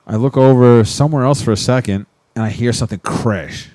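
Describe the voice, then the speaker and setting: A man's voice: medium pitch, a little fast, mellow, dry recording. A young man co-hosting a podcast, telling a rowdy weekend story in casual, profane chat and laughing often. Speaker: podcast co-host.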